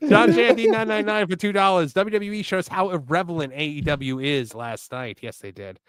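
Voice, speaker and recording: A man hosting a casual wrestling podcast, reading viewer super chats and riffing on them, often trailing off quietly. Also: high voice, normal speed, clean tone, no echo, studio quality. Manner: animated, trails off quietly, mimics callers.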